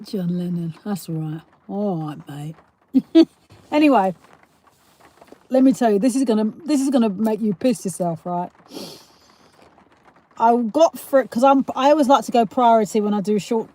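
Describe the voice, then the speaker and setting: A woman's voice: mid-range voice, normal speed, long pauses, warm tone. A middle-aged woman with a South East London accent, hosting a live stream and telling a rambling, giggly story with casual swearing. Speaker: livestream host.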